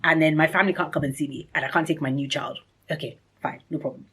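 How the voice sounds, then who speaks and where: A woman vlogging a personal story in a chatty, rambling way, acting out what people said with big jumps in pitch. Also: racing, husky. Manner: animated, acts out reported speech with big pitch jumps; chatty, rambling, many fillers and restarts.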